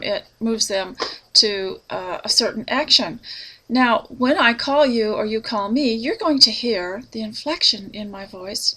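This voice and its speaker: A woman, a preacher's wife, giving an earnest, unhurried devotional talk with soft laughs. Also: a little high.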